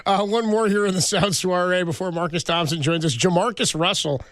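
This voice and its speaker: A man's voice: sits high, fairly quick, a bit bright, no room sound, clean studio sound. A man hosting sports talk radio, casually reading listener texts and laughing along. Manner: laid-back, says "dude" a lot, laughs often.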